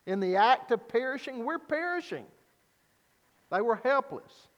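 A man preaching a sermon as pastor, earnest and deliberate, posing rhetorical questions to his congregation. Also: extremely high pitch, big-room sound.

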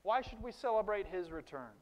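A man's voice: animated, fairly quick. Man preaching in a reverberant hall. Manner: preaching with sudden loud, high emphatic bursts. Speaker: pastor. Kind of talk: sermon.

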